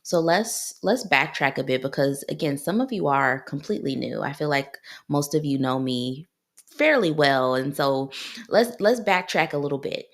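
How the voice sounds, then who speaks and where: A clinical psychologist in her thirties from Ohio hosts her own podcast, delivering a solo monologue in a low voice at normal speed. She speaks in a heartfelt, personal way and often repeats herself.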